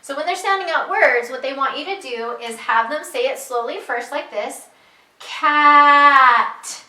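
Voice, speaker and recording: A woman's voice: high-pitched, moderate pace, bright, forceful tone, echoey room, distant mic, low-quality recording. A woman who teaches reading, explaining to parents how to guide their child, patient and repeating her key points. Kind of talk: instructional talk to parents.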